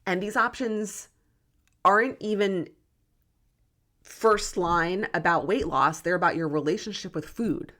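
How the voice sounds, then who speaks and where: A woman's voice: fairly low pitch, unhurried, pauses often, fairly bright tone. A young adult woman hosting a solo podcast, talking in an emphatic, worked-up, tough-love way. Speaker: podcast host, nutrition coach. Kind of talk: passionate solo podcast talk.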